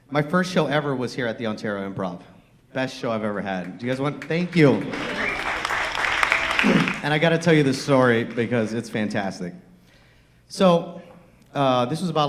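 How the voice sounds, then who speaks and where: A man doing a brash, crude stand-up comedy set on a comedy club stage, laughing at his own jokes. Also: medium pitch.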